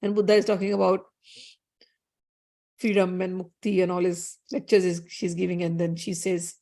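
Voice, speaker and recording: A woman giving a spiritual talk. She retells a story in a lively way, with many restarts and asides. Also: on the low side, moderate pace. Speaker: spiritual teacher. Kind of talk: storytelling scripture discourse.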